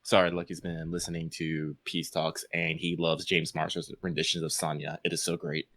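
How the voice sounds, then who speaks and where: On a podcast he co-hosts, a man with a low-pitched voice chats casually at normal speed. He reads listener mail aloud in an animated way and laughs often.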